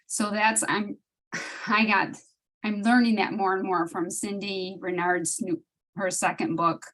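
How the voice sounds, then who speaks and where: A woman's voice: mid-range voice, level tone, measured pace, a bit bright, low-quality recording. A woman talking casually on an online study group call, sharing a personal story with many restarts and laughs. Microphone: video call.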